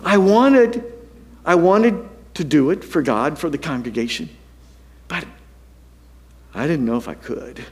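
Speaking a little slowly with frequent pauses, in a voice on the high side, a pastor shares a story from the pulpit. His self-deprecating, lively telling moves from loud moments to hushed ones.

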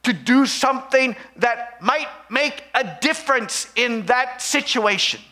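Bright-voiced, emphatic male preacher. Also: very high voice, expressive, takes it slowly. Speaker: pastor. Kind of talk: sermon.

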